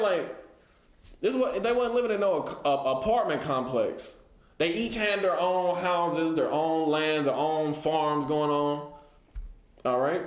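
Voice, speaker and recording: A man teaching a casual Bible lesson, reading scripture and retelling it in everyday slang. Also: on the high side. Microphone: livestream setup. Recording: echoey room.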